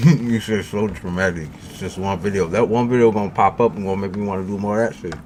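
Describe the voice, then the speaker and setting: A man's voice: lowish voice, steady tone, fast talker, hardly any pauses, a little mellow, slight background noise. A man reading tarot on a casual livestream, talking in a slangy, laid-back way while he munches snacks between sentences. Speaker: tarot reader streaming live. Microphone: new studio mic.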